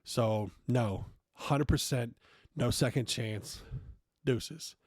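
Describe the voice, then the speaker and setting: A man's voice: mid-range voice, extremely slow, no room sound, clean studio sound. Blunt, profane man telling a story. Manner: blunt and profane, acts out quoted dialogue. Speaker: podcast host. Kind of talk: casual storytelling monologue.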